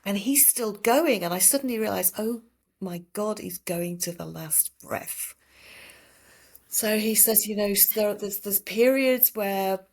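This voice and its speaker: A woman in her sixties recounts stories from her years as a palliative care doctor, speaking gently and reflectively. Her voice sits a little low, with a gravelly, creaky texture. She talks in the easy, measured way of a podcast guest. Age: 60s. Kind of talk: storytelling in a podcast interview.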